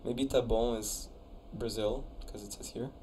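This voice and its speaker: A man's voice: fairly low pitch, fairly even intonation, measured pace, mellow, slight background noise. Laid-back young man chatting on stream. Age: young adult. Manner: chatty, laid-back, reads chat aloud. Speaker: streamer reviewing viewers' conlangs. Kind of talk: casual live-stream chat.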